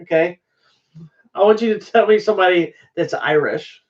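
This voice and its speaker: A man's voice: sits high, moderate pace, recorded from a distance, dull audio. A man co-hosting a casual TV review podcast with his wife, teasing and joking as they talk. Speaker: podcast co-host.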